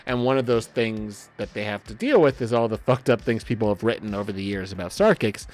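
A man co-hosting a podcast over a remote call, talking in a rambling, animated way with lots of fillers and swearing. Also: lowish voice, a little fast. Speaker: podcast co-host and author. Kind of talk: casual podcast chat. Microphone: remote call recording.

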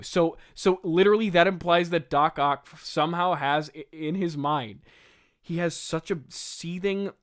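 A man's voice: a little high, normal speed, clean tone. A man in his twenties reading his own old play aloud, with exasperated, self-mocking commentary and frequent laughing.

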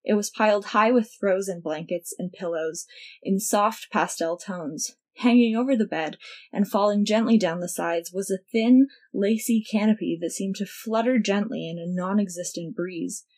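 Woman reading a story out loud, wry and expressive, mid pitch. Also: moderate pace. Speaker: narrator. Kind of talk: audiobook fiction reading.

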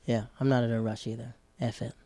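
A man's voice: mid-range voice, little pitch movement, fast talker, mellow, dry recording. Rambling chatty man, dry sound. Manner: rambling, chatty, self-correcting. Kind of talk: casual chat.

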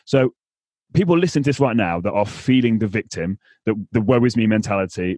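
Man, podcast host, rapid delivery, slightly husky, dry close sound, blunt and sweary. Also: on the low side, expressive, a little mellow, dry recording. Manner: blunt, swears freely, emphatic. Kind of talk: casual conversational interview.

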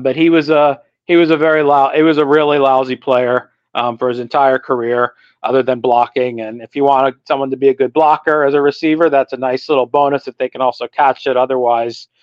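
A man's voice: mid-range voice, flat delivery, fairly quick, clear, resonant tone, dry recording, lo-fi sound. A man co-hosting a casual sports podcast, blunt and opinionated, laughing as he rants. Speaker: podcast co-host.

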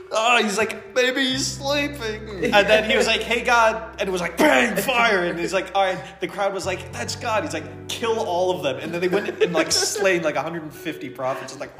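A man co-hosting a casual chat, animated, slipping into voices when he retells stories. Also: high voice, a little fast, hardly any pauses, roomy sound. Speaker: podcast co-host.

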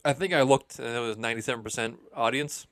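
A man's voice: mid-range voice, fairly even intonation, fast talker, fairly bright tone, no room sound, studio quality. A man hosting a podcast, chatting casually and joking as he wraps up the show. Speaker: podcast host.

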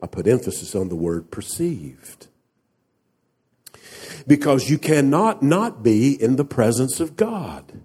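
A male preacher delivering a sermon at an unhurried pace. His voice is mellow and warm, and he leans on emphatic rhetorical questions to his listeners. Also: mid-range voice, very animated, husky. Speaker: pastor.

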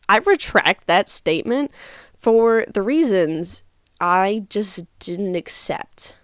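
A woman's voice: medium pitch, clean tone, dry recording, clean studio sound. Frank, chatty young woman host. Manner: chatty, frank, uses many fillers. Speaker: podcast host. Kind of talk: casual advice monologue.

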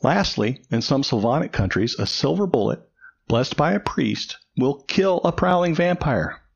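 Male podcast co-host, gravelly and animated, dry teaser, dull lo-fi recording. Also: medium pitch, moderate pace. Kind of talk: casual chat reading lore. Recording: dull lo-fi sound.

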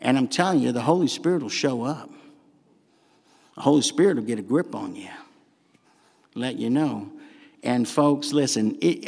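An older man with a Southern accent preaching a sermon in a church, folksy and animated with humorous asides. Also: medium pitch, moderate pace, gravelly. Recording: long hall reverb.

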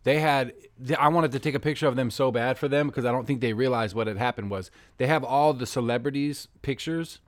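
A man hosting a podcast, telling animated stories full of profanity in casual chat. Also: mid-range voice, a little fast, few pauses, dry recording. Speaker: podcast host.

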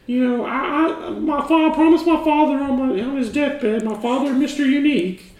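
Improv bit: a man doing a high, giggly, cagey penguin farmer. Echoey room. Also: normal speed, a little mellow. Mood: evasive. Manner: rambling, laughing through lines. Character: high-voiced male penguin farmer, shifty.

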